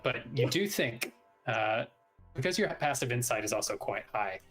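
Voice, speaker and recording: A man acting as game master, narrating the scene in a relaxed way with some hesitations. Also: medium pitch, moderate pace, soft background music, poor audio.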